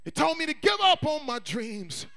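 A male pastor preaching a sermon, swinging between shouts and hushed asides and calling on the congregation to respond. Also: very high-pitched, big pitch swings, normal speed. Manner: call-and-response prompts to the congregation.

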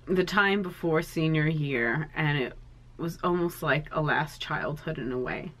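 A woman's voice: deep voice, takes it slowly, a bit bright. A woman in her thirties chatting to camera as an art vlogger, talking in a chatty, sentimental way with plenty of fillers. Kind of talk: casual chat to camera.

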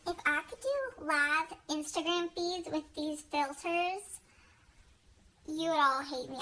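A woman's voice: sits high, pushed and bright, low-quality recording. A young woman ranting bluntly and emphatically into her phone camera for a social media story. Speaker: vlogger.

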